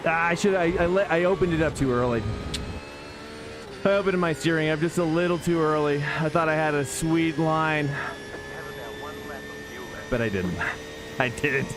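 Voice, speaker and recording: A man's voice: fairly high pitch, normal speed, background noise. A man streaming sim racing, chatting casually to viewers while he drives, often restarting and correcting himself, with faint music behind. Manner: chatty, self-correcting, excitable. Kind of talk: casual live-stream chat while driving.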